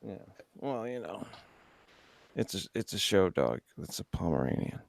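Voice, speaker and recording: A man co-hosting a podcast, throwing in deadpan one-liners. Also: deep voice, normal speed, gravelly, no echo. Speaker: podcast co-host. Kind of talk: casual chat.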